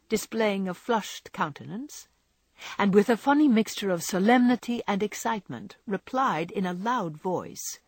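A woman narrating a classic storybook in an expressive reading style. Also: fairly low pitch, slightly rough, dry recording. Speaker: audiobook narrator.

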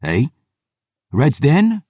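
A man's voice: mid-range voice, huge pitch swings, drawn-out words, mellow, breathy edge, no echo, clean studio sound, pitched above the performer's own voice, heavily acted. A man voicing a haughty, exasperated male vampire historian who speaks in theatrical, indignant outbursts.

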